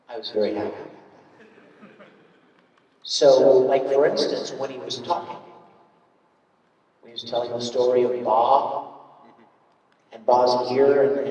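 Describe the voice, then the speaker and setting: Animated man telling panel stories. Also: medium pitch. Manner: animated, chatty storytelling. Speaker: voice actor on a convention panel. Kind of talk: convention panel talk. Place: large convention hall. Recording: echoey hall from far off, muffled.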